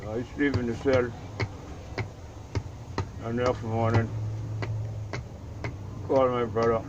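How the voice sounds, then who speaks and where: A man's voice: medium pitch, little pitch movement, takes it slowly. An older man with a Bahamian accent, a Rastafarian elder telling a story from his life in a vivid, dramatic way and acting out the voices of the people in it. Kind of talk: storytelling in an interview. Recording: dull lo-fi recording with clear background noise.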